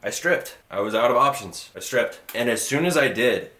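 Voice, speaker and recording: A young man in his twenties telling a personal story in a blunt, profane, rushed way. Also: medium pitch, lively intonation, bright, forceful tone. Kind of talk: personal storytelling, casual monologue. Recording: echoey room.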